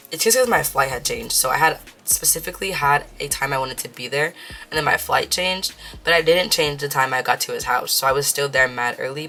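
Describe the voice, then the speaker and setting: A woman's voice: low voice, pushed and bright. A young woman vlogging about her budget in a chatty, casual way, counting bills aloud and mixing in Spanish phrases. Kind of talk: casual chat while counting cash.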